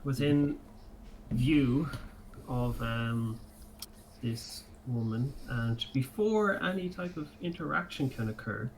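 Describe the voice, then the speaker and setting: A man's voice: medium pitch, takes it slowly, a little hiss or hum, low-quality recording. A man playing in a tabletop game, talking bluntly and joking. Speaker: player. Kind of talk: casual tabletop play.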